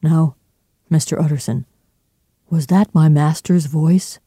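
A man's voice: fairly high pitch, slow, warm tone, slightly rough, no room sound, clean studio sound. A man voicing a frightened, loyal male butler who pleads in a shaken, urgent way.

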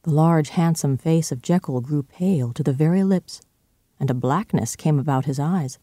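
A narrator giving a measured, even-paced storybook reading. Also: mid-range voice, no echo, clean studio sound.

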